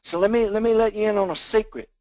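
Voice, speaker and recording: A man with a high, bright-pitched voice gives a motivational pep talk to his sales team. His folksy delivery leans on repetition and a preachy rhythm. The sound is close and dry, with no room around it. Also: steady tone, fast talker, no echo, low-quality recording. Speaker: team leader on a sales call. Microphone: phone or conference call line.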